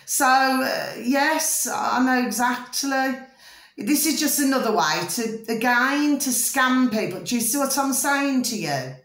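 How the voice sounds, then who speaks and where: A woman's voice: sits high, expressive, a little slow, a bit bright. British woman, middle-aged, rambling chatty vlog, checks in with the listener a lot, echoey room. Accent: British English. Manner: chatty, repeats "do you see what I mean?" and "ding ding". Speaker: vlogger. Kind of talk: rambling casual monologue to camera.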